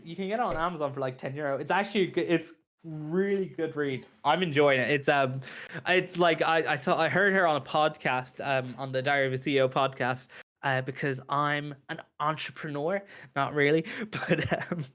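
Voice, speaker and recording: A man's voice: on the high side, moderate pace, a bit bright. A man co-hosting a podcast, chatting casually with lots of fillers and laughs. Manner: chatty, hesitant, laughs often. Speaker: podcast co-host. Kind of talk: casual chat.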